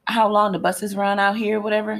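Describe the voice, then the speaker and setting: A woman's voice: mid-range voice, monotone, fairly quick, close to an everyday voice. A woman quoting a stranded man who politely asks about the buses in a snowstorm. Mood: pleading. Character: stranded man waiting for a bus in a blizzard.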